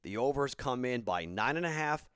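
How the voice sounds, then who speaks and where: A man's voice: medium pitch, lively intonation, normal speed, fairly bright tone, smooth, no room sound, clean studio sound. A man in his thirties, a podcast host, telling a casual rambling story and then giving betting picks, tired and self-correcting.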